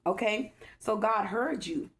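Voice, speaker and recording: A woman's voice: mid-range voice, lively intonation, takes it slowly, a bit bright. A woman giving a casual, rambling spiritual tarot reading, earnest and emotional, often checking in with "okay?". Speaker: tarot reader.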